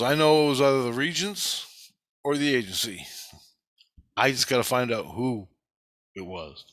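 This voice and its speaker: A vlogger with a bright, forceful, medium-pitched voice, recorded with no echo, tells a rambling, agitated first-person story about his experiences. He swears a lot and acts out what others said to him in his own voice.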